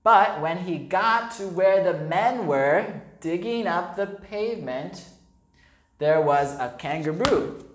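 A woman, an English teacher, reading a picture book aloud to young children, slow and animated, explaining words and adding sound effects. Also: fairly low pitch, roomy sound.

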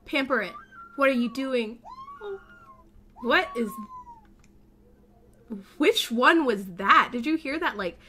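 A young-sounding woman talks her way through a game as casual commentary, her voice bright and crisp and pitched a little high. She rambles and thinks aloud, and often breaks into gasps and delighted squeals. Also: takes it slowly, pauses often, slight background noise. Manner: excitable, gasping and squealing with delight. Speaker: let's play host.

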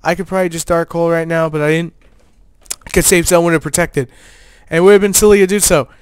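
A man's voice: a little high, steady tone, quick pace, clear, resonant tone, no echo. A man giving casual, joking commentary over a card game he played, with laid-back gamer slang. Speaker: player and channel host.

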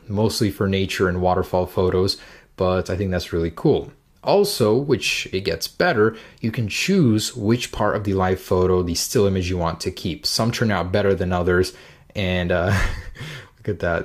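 A man giving a casual, upbeat and chatty walkthrough as a tech reviewer. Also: deep voice.

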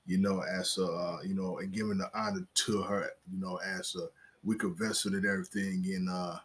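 A man with a very low voice talks about scripture with his wife in a relaxed discussion. His speech is halting and packed with fillers, and his tone has a husky edge. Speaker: co-host, husband. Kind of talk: casual Bible discussion.

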